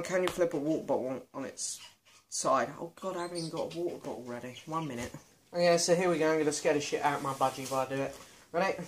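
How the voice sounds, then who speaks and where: A man's voice: high-pitched, a bit bright, slight background noise. A young British man answering viewer questions in a casual, self-mocking vlog. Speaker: vlogger. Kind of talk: casual Q and A chat.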